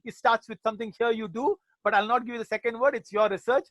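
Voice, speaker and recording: A man's voice: very high-pitched, quick pace, fairly bright tone, dry recording. A male teacher giving a chatty, jokey online class, sprinkling in Arabic religious phrases.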